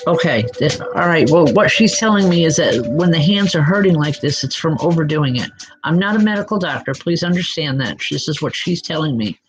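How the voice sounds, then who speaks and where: A woman giving spiritual readings live to online viewers, speaking gently and reassuringly, calling people by name with many soft hesitations. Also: deep voice, expressive, fairly quick. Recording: dull lo-fi sound with music behind. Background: background music.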